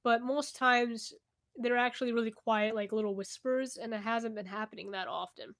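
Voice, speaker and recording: A woman's voice: a little high, fairly even intonation, moderate pace, fairly bright tone. A young woman answering viewer questions in a casual vlog at home, candid and chatty, often laughing and trailing off. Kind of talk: casual Q&A chat to camera. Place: indoors at home, cat nearby.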